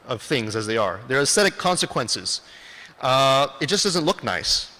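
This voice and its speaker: A man's voice: on the high side, bright, forceful tone. A man gives a lecture presentation, putting questions to the audience and answering them himself. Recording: long reverb of a hall.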